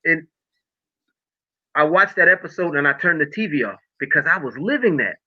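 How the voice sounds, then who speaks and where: On a podcast, a middle-aged guest recounts how faith brought him healing, speaking with emotion and a preacher's cadence. He talks at a moderate pace in a voice on the high side with lively intonation, over tinny, phone-like audio.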